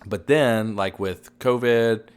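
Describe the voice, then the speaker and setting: Man in his 30s, deep voice, fading hoarse-ish voice, rambling casual talk, headset mic. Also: takes it slowly. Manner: rambling, loud, says he is yelling and redlining. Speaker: podcast co-host. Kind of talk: casual chat.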